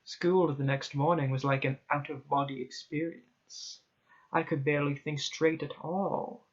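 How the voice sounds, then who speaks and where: A man's voice: a little high, steady tone, unhurried. Man reading a horror story, lo-fi. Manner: dramatic first-person narration, hushed at tense moments. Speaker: story reader. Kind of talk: horror story read aloud.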